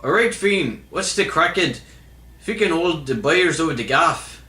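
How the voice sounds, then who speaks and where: A clumsy, exaggerated stage-Irish voice, pitched high above the speaker's usual register, as a man puts it on. The sound is bright and sharp, and it rings in an echoey room. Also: expressive, a little slow. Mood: playful. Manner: clumsy, self-admittedly bad accent. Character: man in an attempted Irish accent.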